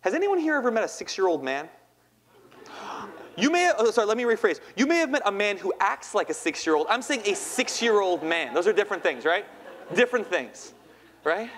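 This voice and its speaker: High-voiced playful storyteller man. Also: very animated, brisk, fairly bright tone. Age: 30s. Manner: playful, quizzing the audience. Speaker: poet and speaker. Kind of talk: spoken-word storytelling talk.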